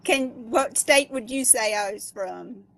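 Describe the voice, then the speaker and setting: Chat guest, woman, Southern accent, high voice, slow and soft-spoken, short answers. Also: vocal fry. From Louisiana. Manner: soft-spoken, brief replies, laughs.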